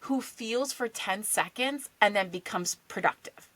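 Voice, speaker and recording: A woman guest on a podcast, a parenting coach, telling stories in an earnest, lively way. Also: mid-range voice, unhurried, dry recording. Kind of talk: casual chat.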